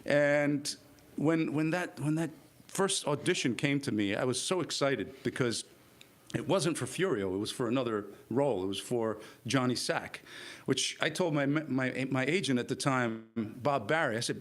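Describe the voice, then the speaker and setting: A man's voice: mid-range voice, moderate pace. A man born in Italy and raised in New Jersey, an actor telling stories in a casual chat, repeating words and acting out quotes. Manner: rambling, repeats words, animated quoting. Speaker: actor guest.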